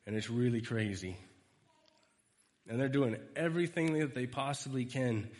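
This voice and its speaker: A man giving a conversational storytelling sermon, animated and retelling scenes. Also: mid-range voice, normal speed. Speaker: preacher. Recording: reverberant hall.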